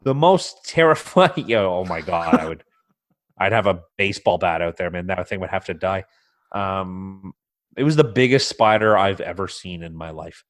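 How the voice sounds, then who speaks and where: A man's voice: deep voice, animated, normal speed. A man co-hosting a casual podcast from a remote computer mic, telling stories with lots of swearing and acting out his own alarm. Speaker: podcast co-host. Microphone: computer mic, remote call.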